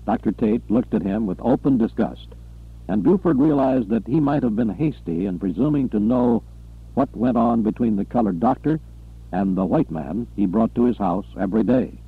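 Man, audiobook narrator, steady, raspy, gravelly voice. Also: lowish voice, normal speed. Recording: lo-fi tinny recording.

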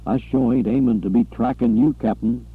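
A man voicing a nervous, pleading male chauffeur who rushes to please, in an audiobook. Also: steady tone, slightly rough, phone-quality sound, lightly acted. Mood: anxious pleading. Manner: high, anxious, hurried pleading.

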